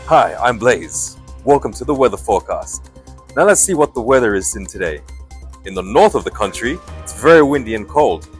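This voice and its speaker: A man's voice: mid-range voice, big pitch swings, normal speed, soft background music, lightly acted. A man playing an upbeat male TV weatherman with a breezy, jokey forecaster delivery.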